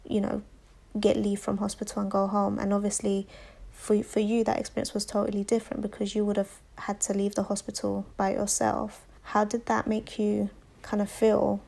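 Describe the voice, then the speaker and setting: A woman interviewer asking gentle, long-winded questions. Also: mid-range voice, completely flat delivery, moderate pace, gravelly.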